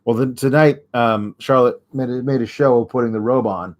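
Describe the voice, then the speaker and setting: A man's voice: mid-range voice, steady tone, normal speed. A man hosting a casual solo recap show, rambling and sarcastic, with frequent fillers and swearing when annoyed. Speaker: host.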